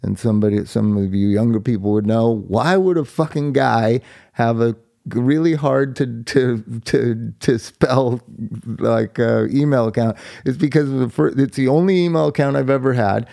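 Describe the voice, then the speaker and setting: A man's voice: medium pitch, fairly even intonation, moderate pace, creaky, mellow, no room sound, studio quality. A middle-aged man talking candidly in a blunt, profane and heartfelt way, rambling and restarting his sentences. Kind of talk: candid monologue.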